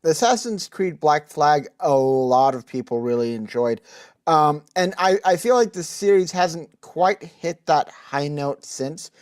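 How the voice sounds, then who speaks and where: A podcast co-host talks in an unhurried, hesitant way during a casual livestream. Laughs come in between phrases, and the speech is full of pauses. The voice sits at a middle pitch. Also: darkish tone.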